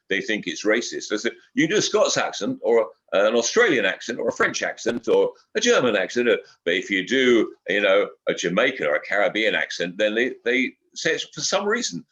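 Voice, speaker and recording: An older man, a guest speaking in casual interview chat. He rambles, repeating words and filling pauses as he goes. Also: on the low side, fairly bright tone. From England. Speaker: guest broadcaster. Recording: slightly dull lo-fi audio.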